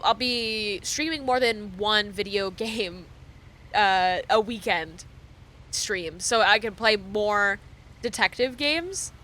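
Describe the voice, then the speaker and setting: Bright-voiced woman streamer, laughing often. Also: a little high. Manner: animated, laughing often, swearing freely. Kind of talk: casual chat with viewers.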